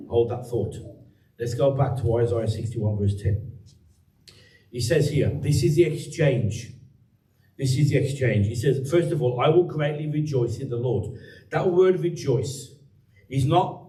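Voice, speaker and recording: A man's voice: mid-range voice, mellow, reverberant, recorded from a distance, rough recording. An English man preaching a sermon as pastor, chatty and teasing the congregation by name. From England. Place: church hall.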